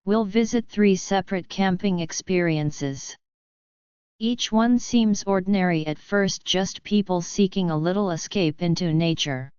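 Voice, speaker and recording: A woman narrating bedtime horror stories in a calm, soft, hushed and atmospheric way, as the regular host of the channel. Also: on the low side, measured pace, clear, resonant tone, no room sound, muffled recording.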